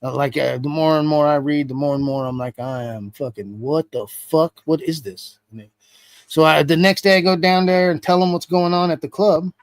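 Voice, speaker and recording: A man's voice: on the high side, fairly quick, clean tone, no room sound. A man being interviewed, telling a story casually with heavy swearing. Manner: profane, animated retelling with heavy swearing. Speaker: interview guest.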